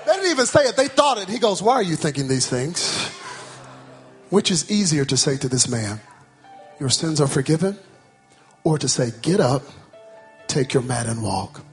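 A man preaching a sermon in a church, calling out to the congregation and rising into shouted, sing-song cadences. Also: fairly high pitch, big pitch swings, moderate pace, pauses often. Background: soft music.

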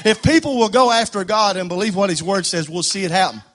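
A male pastor preaching a fervent sermon, stumbling over repeated words and building to loud declarations. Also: high voice, fast talker. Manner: fervent, repetitive stammering restarts, rising to loud declarations.

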